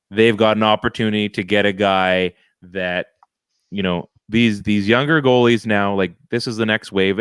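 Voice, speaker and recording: A man co-hosting a podcast, chatting casually about hockey picks with relaxed joking asides. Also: low-pitched, clear, resonant tone, dry recording, studio quality. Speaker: podcast co-host. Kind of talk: casual hockey draft chat.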